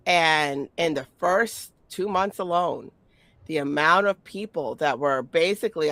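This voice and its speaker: A woman in her forties hosts a podcast and tells stories in a loose, chatty way. Her voice is bright and sharp, and it is recorded dry and close. She swears freely and trips over repeated words as she goes. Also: on the low side, measured pace, creaky, no room sound. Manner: animated, profane, stumbling repetitions. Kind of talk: casual storytelling chat.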